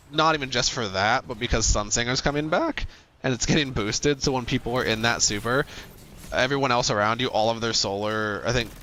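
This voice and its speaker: A man's voice: mid-range voice, bright, forceful tone, slight background noise. A man streaming a game, talking casually with a teammate, joking and laughing often. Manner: chatty, laughs often, jokey. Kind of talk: casual gaming chat.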